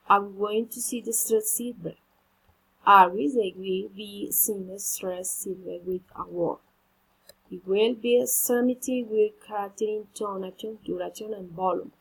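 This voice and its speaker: A woman teaching English pronunciation, slowly drilling word stress one word at a time. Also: mid-range voice, creaky, slightly rough, poor audio. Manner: slow, deliberate, stressing each drilled word.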